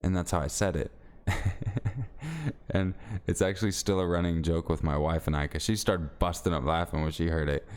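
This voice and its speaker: A man's voice: low-pitched, steady tone, fast, hardly any pauses, smooth. A man streaming live, chatting casually with viewers and reading stories aloud in a laid-back, rambling way.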